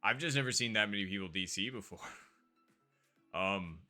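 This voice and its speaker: Playing a game on a live stream, this man chats and rambles at normal speed in a fairly low, sharp-toned voice, with soft music in the background. Fillers and asides to himself come up often.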